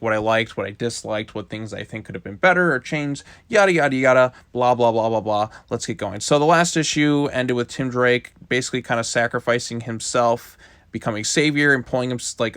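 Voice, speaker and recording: A man talks through a comic book review in a loose, casual way, stringing the story together with frequent "like" fillers. His voice sits at an ordinary middle pitch. The recording is close and dry with no room sound. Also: a bit bright, dry recording. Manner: loose retelling with many "like" fillers.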